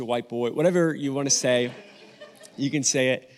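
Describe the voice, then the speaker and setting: A man's voice: medium pitch, moderate pace, a little hiss or hum. A young man preaching as a guest pastor, chatty and joking with the congregation before his sermon, speaking on a stage mic in a church. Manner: friendly joking banter with congregation. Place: church sanctuary.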